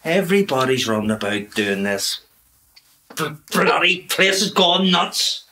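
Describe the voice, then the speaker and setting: An actor playing a grumpy, swearing middle-aged working-class dad with a Belfast accent, grumbling about lockdown rules. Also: male voice, a little high, very animated, unhurried, sharp tone, a little hiss or hum, full character voice. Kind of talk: comedy drama acting.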